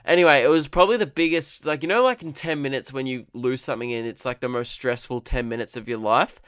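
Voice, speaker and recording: A man's voice: mid-range voice, quick pace, fairly bright tone, clean tone, no room sound, clean studio sound. A man hosting a comedy podcast, telling a story casually, rambling with restarts and fillers and swearing freely.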